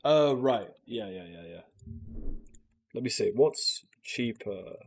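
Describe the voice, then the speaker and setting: Husky swearing British streamer man. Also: mid-range voice, lively intonation, measured pace, a little mellow. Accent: British English. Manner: swears a lot, loose and joking, talks to chat. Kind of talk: casual live-stream chat.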